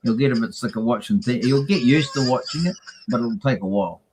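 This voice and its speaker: A man's voice: mid-range voice, animated, quick pace, noisy background. A man, a racing team guest, chatting casually and acting out quotes in his stories. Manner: chatty storyteller, acts out quotes. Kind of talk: casual chat.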